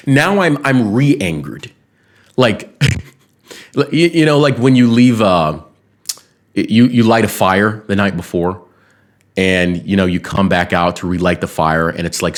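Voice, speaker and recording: A young man chatting on a podcast, telling a rambling personal story full of fillers and restarts, often laughing as he talks. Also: low-pitched. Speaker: podcast talker. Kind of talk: casual storytelling chat.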